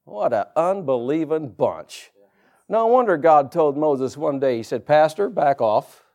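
A man preaches a lively sermon in a church, pitched high for a man. He keeps calling out to his congregation as he drives his points home. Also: unhurried. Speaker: pastor.

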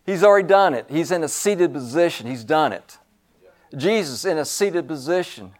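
A man preaching a sermon, emphatic and repetitive, swinging between loud stresses and hushed asides. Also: fairly high pitch, expressive, moderate pace.

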